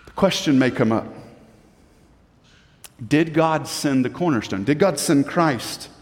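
Man, high voice, pastor, sermon, emphatic preaching, repeats words, long hall reverb. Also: animated, measured pace.

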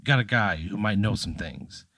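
A man's voice: on the low side, normal speed, fairly bright tone. A man voicing a terse, hard-boiled male detective in clipped lines.

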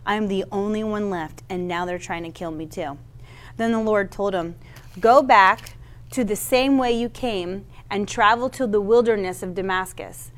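A woman's voice: mid-range voice, normal speed. Brief: woman preacher, reads scripture aloud then teaches, casual asides, trips on old names. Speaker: Bible teacher. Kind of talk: sermon with Bible reading.

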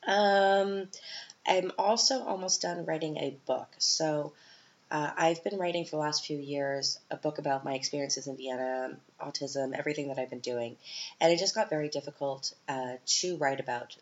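Woman, 30s, low voice, chatty self-deprecating podcast host, muffled lo-fi audio. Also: moderate pace. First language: English. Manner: chatty, self-mocking, lots of fillers. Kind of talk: casual solo podcast monologue.

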